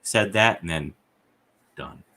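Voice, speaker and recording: A man's voice: deep voice, slow, noisy background. A man hosting a casual podcast, rambling and swearing freely as he trades trivia with his co-host. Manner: rambling, profane, reads out chat messages.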